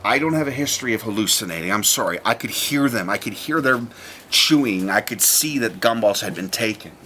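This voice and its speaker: A young man telling a childhood story in a casual, animated way, mimicking voices and sounds as he goes. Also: on the low side, fairly quick, a little hiss or hum.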